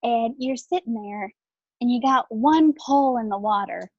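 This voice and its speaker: A woman with a fairly high voice shares tips as a guest speaker, upbeat and playful and fond of analogies. Her audio comes through dull and lo-fi, with a dry, close sound. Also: moderate pace, a little mellow, no echo. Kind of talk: casual tips on a group call.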